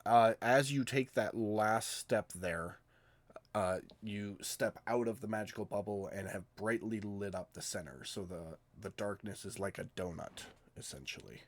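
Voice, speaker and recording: A man acting as game master in a live tabletop game, talking in a relaxed way with hesitant fillers. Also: fairly low pitch, a little slow.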